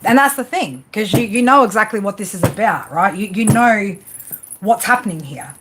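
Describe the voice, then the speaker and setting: A woman's voice: medium pitch, expressive, normal speed. Woman, tarot reader, casual live chat, blunt, repetitive, faint background noise. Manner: casual, repetitive, tag questions; affectionate, blunt, swears.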